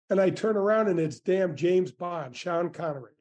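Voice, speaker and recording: A man in his sixties recounts his golf memories in a relaxed interview. His voice is fairly high but dark and mellow. He talks eagerly, restarting phrases as the stories pour out. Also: fairly quick, few pauses. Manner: animated, grateful storyteller with many restarts. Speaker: former tour golfer, guest. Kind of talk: casual storytelling interview.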